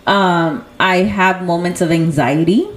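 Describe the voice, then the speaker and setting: A woman's voice: lowish voice, measured pace, soft background music. A young woman hosting a casual chat, talking loosely and laughing often as she tells stories. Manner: laughs often, animated storytelling. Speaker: host.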